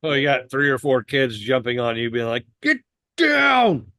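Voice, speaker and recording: Relaxed man in a dry room. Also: medium pitch, smooth, no echo. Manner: relaxed, recalling details haltingly. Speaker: podcast co-host. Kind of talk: casual chat.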